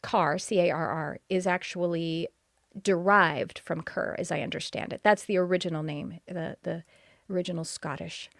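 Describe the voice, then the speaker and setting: A woman's voice: fairly low pitch, steady tone, normal speed, creaky, no echo, studio quality. A woman from Texas with a Texas accent, hosting a live-streamed podcast, greeting viewers and talking about her courses with enthusiasm. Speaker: podcast host.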